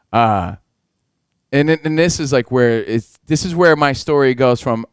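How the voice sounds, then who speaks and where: A man's voice: mid-range voice, measured pace, clear, resonant tone, no echo. Guy co-hosting a radio show spinning a story, swears, acts out everyone, dry close sound. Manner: animated, acts out quotes, swears a lot. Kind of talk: casual storytelling chat.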